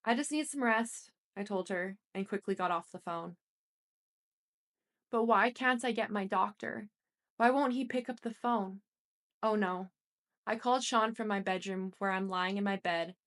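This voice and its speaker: A woman's voice: mid-range voice, unhurried, long pauses, a bit bright. Woman narrating a first-person audiobook.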